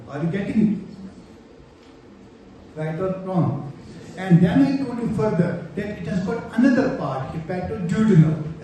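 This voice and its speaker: A man's voice: on the high side, dark tone. Echoey, distant male anatomy lecturer. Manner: explanatory, checks in often with rhetorical questions. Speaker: medical lecturer. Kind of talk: exam-prep anatomy lecture. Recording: very echoey room, distant mic, faint noise.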